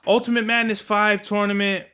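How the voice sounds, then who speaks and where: A man with a bright, tense and smooth voice, pitched a little above the usual for men. He hosts a podcast alone, rambling through his opinions in a loose, slangy and often profane way. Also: flat delivery, moderate pace. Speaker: podcast host. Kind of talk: casual solo commentary.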